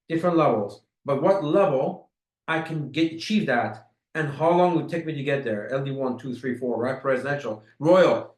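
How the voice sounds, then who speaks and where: A man's voice: fairly high pitch, echoey room, low-quality recording. A man leading a network marketing training, talking emphatically with lots of repetition and stretched-out key words. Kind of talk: motivational sales training talk.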